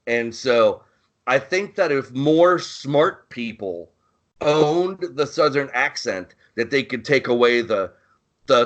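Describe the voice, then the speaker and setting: Man, podcast co-host, mid-pitched, rambles and swears, searches for words, casual. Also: fairly bright tone. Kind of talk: casual chat.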